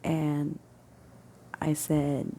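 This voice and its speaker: A woman's voice: low-pitched, completely flat delivery, very slow, warm tone. A woman casually telling a personal story, rambling and correcting herself as she goes. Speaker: storyteller sharing personal stories.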